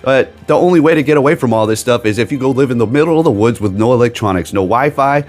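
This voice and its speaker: Man, casual video rant, rambling, emphatic, sarcastic, mid-pitched voice, soft music behind. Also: quick pace. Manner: rambling, emphatic, keeps tagging "okay?"; sarcastic asides. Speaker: gaming YouTuber.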